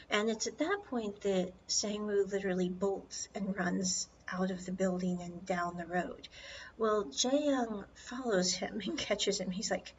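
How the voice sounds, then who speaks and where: A woman's voice: mid-range voice, unhurried, muffled recording, a little hiss or hum. Chatty woman podcaster recapping a film. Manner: chatty, lively storytelling with asides. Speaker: podcast host.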